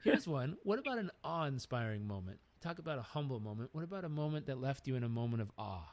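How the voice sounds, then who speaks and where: A man's voice: mid-range voice, sing-song, quick pace, a little hiss or hum. A man hosting a podcast interview, talking casually and encouragingly, repeating words for emphasis. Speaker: podcast host.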